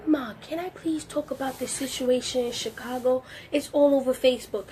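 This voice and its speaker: A woman, the host's daughter, telling a story on a live video in an eager, rushed way. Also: high-pitched, fairly even intonation, warm tone, slightly rough. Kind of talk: casual live video chat.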